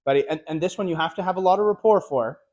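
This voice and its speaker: A man's voice: high-pitched, fast talker, highs cut off. Upbeat man coaching car sales. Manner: direct, energetic coaching; casual slangy phrasing. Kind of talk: instructional video talk.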